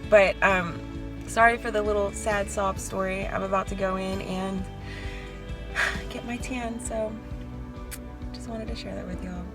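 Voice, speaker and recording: A woman's voice: mid-range voice, steady tone, a little slow, long pauses, poor audio. A woman competing in bodybuilding, talking casually to camera in a chatty, openly emotional way. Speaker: bodybuilding competitor vlogging her show day. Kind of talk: casual vlog talk to camera. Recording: background music and crowd chatter.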